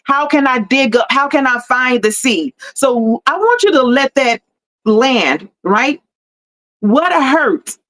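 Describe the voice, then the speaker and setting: A woman's voice: high-pitched, animated, slow pace, fairly bright tone. A woman hosting a motivational live talk with faith-forward encouragement, preaching and repeating key lines for emphasis. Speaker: host and life coach.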